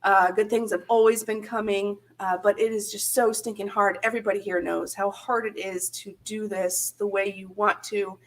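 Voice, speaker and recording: A woman's voice: mid-range voice, fairly even intonation, normal speed, hardly any pauses. A woman hosting a casual live-stream chat, chatty and laughing often, with many fillers. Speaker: channel host.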